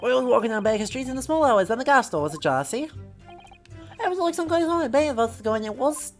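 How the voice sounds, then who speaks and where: A woman's voice: high-pitched, animated, fairly quick, faint music behind, pitched above the performer's own voice. A woman voicing a petty male Victorian thief with a put-on Cockney accent, protesting his innocence in street slang.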